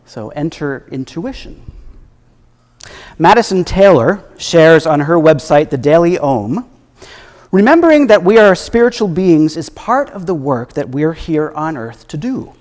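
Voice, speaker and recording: A man preaching a sermon as minister, reflective and gently humorous, his voice at times dropping soft. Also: a little high, sing-song, a little slow. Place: church sanctuary. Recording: echoey hall with long reverb.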